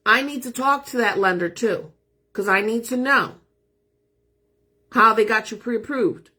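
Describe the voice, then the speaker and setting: Woman, middle-aged, real estate agent, husky, higher voice, emphatic, self-assured, casual talk. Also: a little slow, sharp tone. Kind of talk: casual live talk to viewers.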